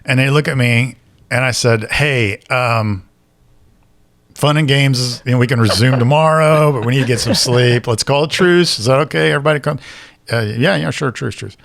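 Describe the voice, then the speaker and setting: A man's voice: medium pitch, normal speed, gravelly. A man telling a story on a podcast in casual chat, acting out the voices of the people in it. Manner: animated storyteller, acts out quoted voices. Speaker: podcast co-host.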